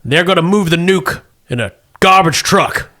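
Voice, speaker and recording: A man voicing a gruff middle-aged Marine captain who briefs his team in clipped military orders during a tabletop game. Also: sits high, lively intonation, moderate pace, sharp tone, voice pushed up. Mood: briefing.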